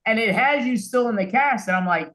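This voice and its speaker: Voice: mid-range voice, fairly quick, fairly bright tone. A podcast host asking rambling, hesitant questions in a casual interview.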